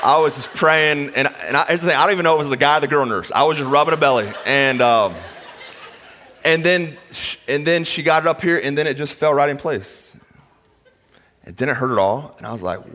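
The recording has a long hall reverb, capturing a pastor in his thirties speaking briskly at medium pitch. He tells a funny personal story in his sermon, animated and self-deprecating, performing the quotes of the people involved.

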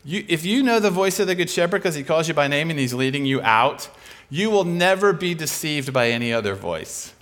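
A man preaching a sermon in a lively, conversational way, acting out the voices he quotes with big swings in pitch and loudness. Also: fairly quick.

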